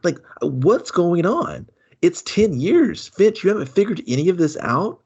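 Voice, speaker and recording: A man's voice: sits high, unhurried, gravelly, husky, highs cut off. A young man co-hosting a podcast who talks about a movie sarcastically and with lots of swearing, acting out his own reactions. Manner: animated, sarcastic, swears a lot, acts out what he thought. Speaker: podcast co-host. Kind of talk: casual movie review chat.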